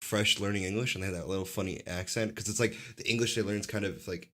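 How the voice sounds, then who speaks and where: A man's voice: fairly low pitch, fairly even intonation, quick pace, pushed and bright. A young man co-hosting a podcast, joking crudely, swearing often and laughing between lines. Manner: profane, laughing, slips into mock accents. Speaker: podcast co-host. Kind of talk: crude casual banter.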